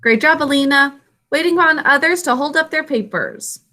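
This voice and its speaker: A young woman teacher leading an online spelling lesson over a video call, clear and encouraging. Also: high voice, moderate pace, sharp tone.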